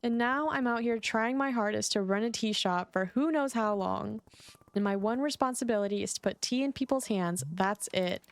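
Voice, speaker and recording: A woman's voice: a little high, moderate pace, dry recording, close to an everyday voice. Alta, a woman reading a bossy tea seller. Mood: indignant. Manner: bossy, indignant and insistent. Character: grumpy stubborn female ex-warrior turned tea seller.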